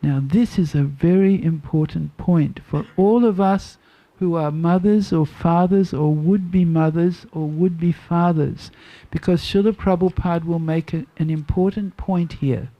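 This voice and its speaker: A woman in her seventies telling a devotional story to a class, slow and deliberate, often repeating her phrases. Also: on the low side, highs cut off. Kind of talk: storytelling sermon.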